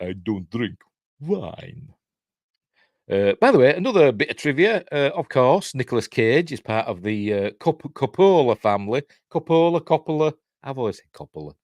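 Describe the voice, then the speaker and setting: A man's voice: lowish voice, no echo, studio quality. A man with a Yorkshire accent giving a casual, rambling film commentary full of trivia asides. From Yorkshire, England. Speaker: film reviewer.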